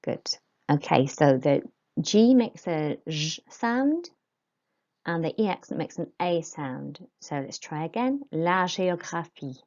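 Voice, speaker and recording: A woman teaches a recorded lesson at a slow, patient pace. Her voice is lowish and mellow, and she explains each step clearly. The recording sounds dull and lo-fi. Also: big pitch swings. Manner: patient, clear classroom instruction with modelled pronunciation.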